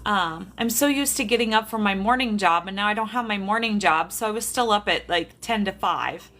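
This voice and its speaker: A woman's voice: medium pitch, a little fast, fairly bright tone. A woman from South Dakota, a medium, chatting casually with viewers on a livestream from her bedroom, laughing often. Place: bedroom at home. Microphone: phone or camera on a tripod.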